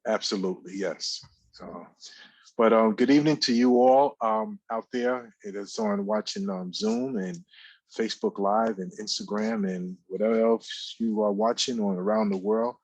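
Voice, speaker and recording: A man co-hosts a live talk radio show from an office, offering casual commentary in a lowish, darkish voice with lively intonation at a moderate pace. He rambles with many fillers and repeated phrases, and the rough recording has no room sound.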